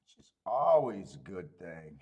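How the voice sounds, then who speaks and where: A man hosting a horse racing betting livestream, thinking aloud through the odds and cracking himself up with loud bursts of laughter. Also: low-pitched, sing-song, a little slow, husky, lo-fi sound. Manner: thinks aloud, laughs at his own jokes; loud bursts when amused. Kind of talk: casual livestream handicapping commentary.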